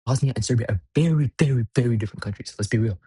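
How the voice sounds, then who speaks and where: A man's voice: medium pitch, very fast, mellow, husky, dry recording, clean studio sound. A young man vlogging in a blunt, profane, rambling rant. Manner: blunt, swearing, rambling with restarts. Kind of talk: profane ranting monologue.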